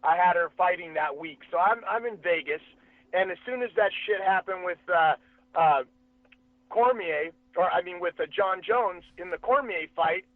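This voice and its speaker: Guest spot: high-pitched man, animated storyteller, restarts a lot, dry tinny phone-like sound. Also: dry recording. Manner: animated, rapid restarts, calls the host "dude". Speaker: guest, fight promotion executive and manager. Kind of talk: casual storytelling on a podcast.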